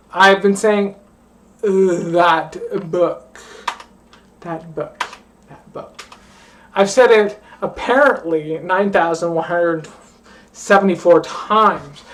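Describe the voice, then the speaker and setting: Slurring through a rambling late-night vlog, a young woman who is drunk swears and keeps repeating one phrase. Her voice is on the low side with a fairly bright tone. She is far from the mic, and there is a little hiss or hum.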